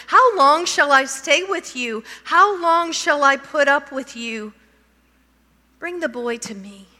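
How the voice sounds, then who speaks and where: A woman's voice: high-pitched, pushed and bright. A woman preaching a sermon, reading scripture aloud and asking her listeners questions. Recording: long hall reverb.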